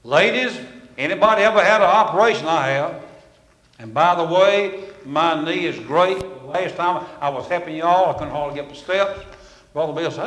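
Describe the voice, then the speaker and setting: A man preaching a sermon in a folksy, storytelling way, swinging from loud to hushed. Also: fairly high pitch, moderate pace. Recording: echoey hall with long reverb.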